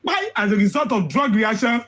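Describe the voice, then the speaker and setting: High-voiced hoarse man ranting. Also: big pitch swings, normal speed, a bit bright, poor audio. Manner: emphatic, rhetorical questions, repeats phrases. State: hoarse, losing his voice. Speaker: social commentator. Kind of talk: impassioned commentary.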